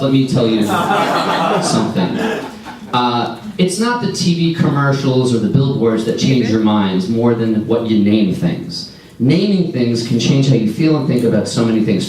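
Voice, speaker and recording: A man in his forties doing a stand-up comedy set, wry and deadpan with lively storytelling. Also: medium pitch. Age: 40s. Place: comedy club stage. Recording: echoey club sound from a distance. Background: audience laughter.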